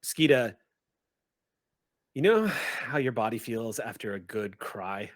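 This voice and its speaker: A man running a tabletop game as game master, narrating in a halting way as he searches for words. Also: medium pitch, sing-song, no echo.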